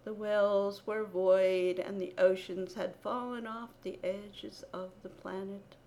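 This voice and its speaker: A woman giving a dramatic poetry reading, incantatory, with sudden loud outbursts. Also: medium pitch, steady tone, slow pace, a little hiss or hum.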